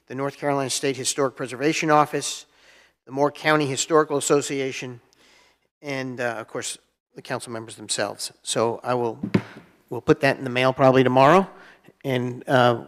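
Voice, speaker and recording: A man presiding over a village council meeting, speaking in a halting way with many ums and uhs. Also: medium pitch, a bit bright. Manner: halting, with frequent fillers.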